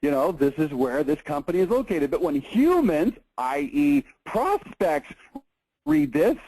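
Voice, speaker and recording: A man's voice: on the high side, measured pace, slightly rough, dry recording, low-quality recording. Punchy, emphatic man teaching marketing. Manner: emphatic, repeats "okay?" to check in, animated. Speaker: marketing seminar presenter. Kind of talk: lively sales seminar lecture.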